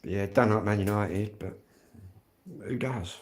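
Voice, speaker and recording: Lower-voiced rambling man with a Kent accent. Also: slow, slight background noise. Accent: Kent English. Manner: rambling, chatty, swears freely. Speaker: music channel host. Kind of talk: casual live-stream chat.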